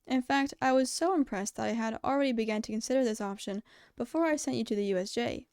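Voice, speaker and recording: A woman reading aloud and voicing a calm, formal male animal school principal who speaks in measured, polite, precise sentences. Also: fairly high pitch, no room sound, clean studio sound, lightly acted.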